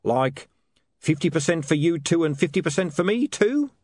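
A man's voice: a little high, expressive, normal speed, darkish tone, no room sound, pitched above the performer's own voice. A man voicing a shifty, wheedling street hawker in an audiobook.

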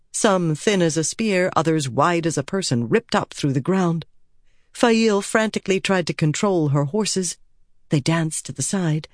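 An audiobook narrator reading a fantasy story in a measured, steady way and voicing its characters. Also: medium pitch, no room sound, studio quality. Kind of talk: scripted narration.

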